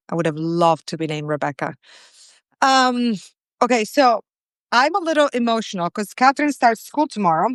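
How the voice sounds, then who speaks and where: With a smooth, fairly low voice and no room sound, a woman in her forties chats while cooking on a casual live stream she hosts. She's chatty, greets viewers warmly by name and restarts often.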